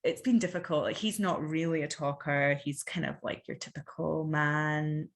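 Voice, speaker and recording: A woman's voice: sits low, fairly even intonation, moderate pace. A Scottish woman in her thirties, a podcast guest talking candidly and animatedly, full of fillers and quoted asides. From Scotland. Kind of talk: candid conversational interview.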